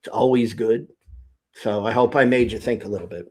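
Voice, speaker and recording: A man speaking as a guest in a casual online conversation, relaxed and hedging with "you know". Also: on the low side, a little fast.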